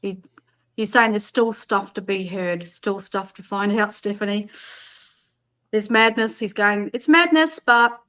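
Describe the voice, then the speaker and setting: A woman's voice: mid-range voice, little pitch movement, measured pace, a bit bright, poor audio. A woman giving psychic readings on a live stream in a blunt, casual way, swearing freely. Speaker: psychic reader.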